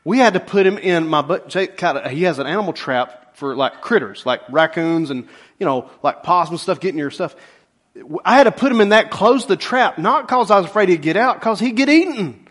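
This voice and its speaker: A man's voice: high-pitched, brisk. A man preaching a casual, storytelling sermon, joking and talking straight to the congregation. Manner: folksy, joking, animated asides to the congregation. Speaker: pastor. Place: church sanctuary.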